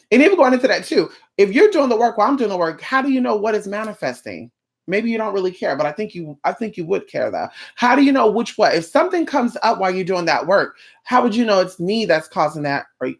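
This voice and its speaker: Talk blunt and salty, like a spiritual worker lecturing clients. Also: medium pitch. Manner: blunt, profane and chatty; acts out clients in little voices. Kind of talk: casual vlog monologue.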